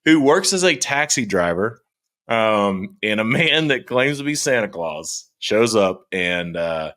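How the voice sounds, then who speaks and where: Animated man, lively low voice. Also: measured pace. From Georgia, US. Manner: animated storyteller, acts out quotes. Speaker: podcast co-host. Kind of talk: casual chat.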